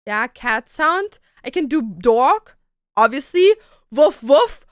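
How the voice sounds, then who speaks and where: Bright, playful young woman streamer. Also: high voice, very animated, takes it slowly, clear, resonant tone, dry recording, studio quality. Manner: playful, crude, laughs a lot. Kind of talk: casual livestream chat.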